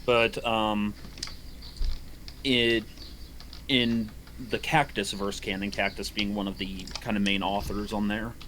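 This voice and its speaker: A man's voice: lowish voice, fairly even intonation, measured pace, pauses often, a bit bright, a little hiss or hum. A man in casual livestream chat, rambling and playful, laughing often.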